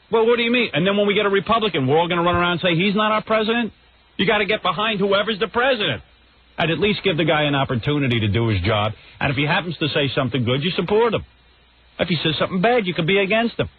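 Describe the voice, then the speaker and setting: A man's voice: fairly high pitch, a little hiss or hum. A man hosting a radio show, ranting in a brash, combative way. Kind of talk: radio rant. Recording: tinny phone-like radio recording.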